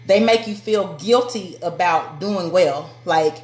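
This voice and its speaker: A woman's voice: fairly low pitch, slow pace, darkish tone. A woman giving a motivational live-stream talk to women, speaking directly and preacherly and calling out to her viewers. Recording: echoey room.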